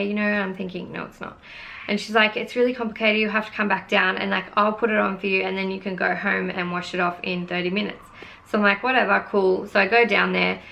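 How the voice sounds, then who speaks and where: A woman's voice: mid-range voice, gravelly, a bit bright. A young woman vlogger telling a casual, exasperated storytime full of "like". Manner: chatty, exasperated, heavy use of "like". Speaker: beauty vlogger.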